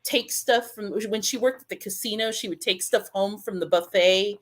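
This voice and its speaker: A middle-aged woman from the United States chatting casually, lively and quick to laugh while she browses a menu. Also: medium pitch. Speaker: host. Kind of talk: casual chat.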